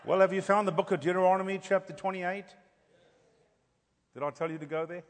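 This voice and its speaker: A man preaching a sermon with a fairly high voice, with a long reverb trailing behind him as if in a large hall. He tells his stories in a storytelling way, then swells into loud, fervent exclamations. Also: fairly even intonation, brisk.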